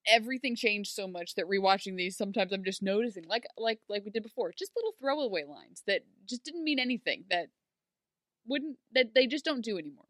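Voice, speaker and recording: A woman's voice: mid-range voice, animated, a little fast, no room sound, studio quality. A woman co-hosting a podcast, chatting casually about a TV episode and playfully acting out the characters in silly voices. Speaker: podcast co-host. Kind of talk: casual chat recapping a TV episode.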